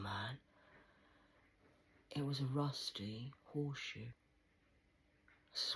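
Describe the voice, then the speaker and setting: A woman in a rambling monologue to camera, swearing often and swinging between loud outbursts and hushed whispers. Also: rumbling low, takes it slowly, long pauses, slight background noise, low-quality recording.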